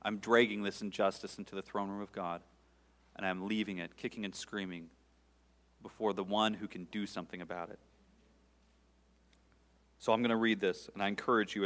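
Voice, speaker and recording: Fervent preacher man in a reverberant hall. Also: lowish voice. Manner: rising to loud fervent peaks then dropping to near-whispers. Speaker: pastor. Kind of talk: sermon.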